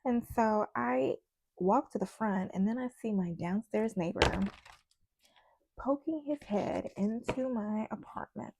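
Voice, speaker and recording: A woman tarot reader chatting in a casual vlog, telling a story in an animated way with many asides. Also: a little high, a little slow, creaky.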